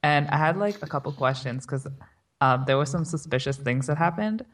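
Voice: medium pitch, animated, brisk, a bit bright. Hesitant panelist, ums a lot, sits well off the mic. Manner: hesitant, questioning, many ums. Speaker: podcast panelist. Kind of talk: casual group chat. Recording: voice distant from the mic.

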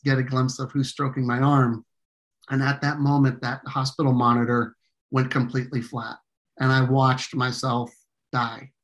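A man telling a personal story in conversation as an interview guest, earnest and halting, with frequent fillers and restarts. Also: mid-range voice.

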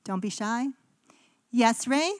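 A woman's voice: fairly high pitch, animated, takes it slowly, a little mellow, dry recording. A woman pastor from Canada giving a conversational sermon in a casual, chatty way, with frequent ums and likes.

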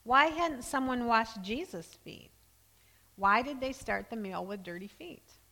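A woman delivers a sermon with a bright, forceful voice, putting earnest emphasis on the scripture she reads aloud. Her voice trails off into the long reverb of a church hall. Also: on the high side, animated, a little slow. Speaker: preacher.

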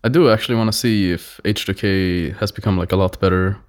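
Playful gamer guy, slightly low voice, joking around. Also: fairly quick, smooth. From Sweden. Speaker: guest, pro gamer. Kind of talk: casual interview chat.

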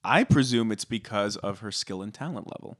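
A man's voice: lowish voice, expressive, fairly bright tone, dry recording, clean studio sound. A man co-hosting a podcast, chatting playfully and teasing his co-host. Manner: playful, teasing and quick to laugh. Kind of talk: casual gossip chat.

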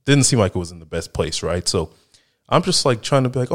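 Low-voiced man telling rambling stories. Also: animated, normal speed. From Chicago area, United States. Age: 30s. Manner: rambling, laughs often, heavy use of "like" and "right?". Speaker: podcast host. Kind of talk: casual storytelling monologue.

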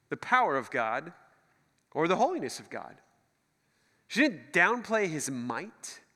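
A middle-aged man preaches in a high, bright voice that swings up and down, animated and joking as he acts out the voices he quotes. His sermon rings with a long church hall reverb. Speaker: pastor.

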